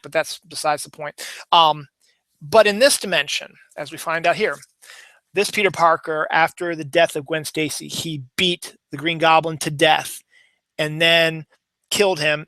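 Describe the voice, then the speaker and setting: A man's voice: on the high side, bright, forceful tone, smooth, no room sound. A man casually recapping a comic book issue for his channel, rambling and correcting himself as he goes. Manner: rambling, chatty, self-correcting.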